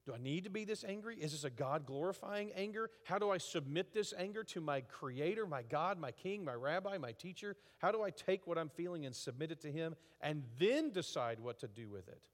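A man preaching a conversational sermon, halting with fillers and restarts, rising to emphatic rhetorical questions. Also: on the high side, lively intonation. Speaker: pastor. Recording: reverberant hall.

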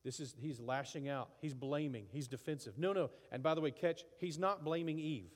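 A man delivering a sermon with lively energy, slipping into acted-out voices for the people he quotes. His voice sits a little high for a man. A long reverb trails each phrase, as in a large hall. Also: normal speed. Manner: animated, acts out voices. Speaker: pastor.

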